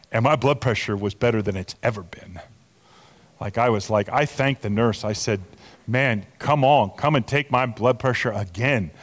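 A man in his sixties, a pastor preaching a sermon, animated and chatty, telling stories with many restarts and asides. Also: on the low side, long reverb tail. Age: 60s.

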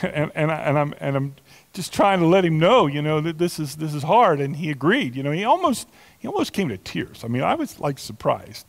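Older male pastor in his 60s, kinda high voice for a guy, animated rambly sermon, lots of echo. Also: a little fast, vocal fry. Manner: animated, storytelling with asides and restarts.

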